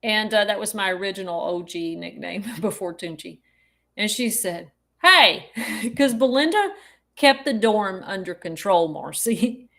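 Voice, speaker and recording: A woman's voice: medium pitch, normal speed, vocal fry. A woman co-hosting a podcast, telling a story in a casual way and laughing often as she goes. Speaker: podcast co-host.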